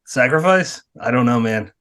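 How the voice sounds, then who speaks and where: A man's voice: medium pitch, animated, normal speed, a bit bright. A man hosting a podcast who talks in an enthusiastic, casual way and swears freely. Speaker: podcast host.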